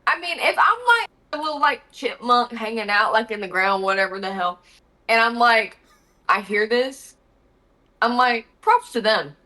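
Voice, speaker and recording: A woman's voice: fairly high pitch, lively intonation, moderate pace, sharp tone, low-quality recording. A woman co-hosting a podcast in casual chat, laughing often with crude, playful banter. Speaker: podcast co-host.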